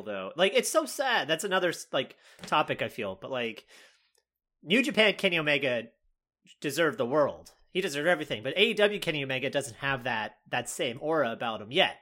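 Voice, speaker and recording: Woman cohost chatting away, super animated, bright edge, keeps restarting sentences. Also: sits low, brisk. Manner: chatty, rambling, lots of fillers and restarts. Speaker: podcast co-host. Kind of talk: casual chat.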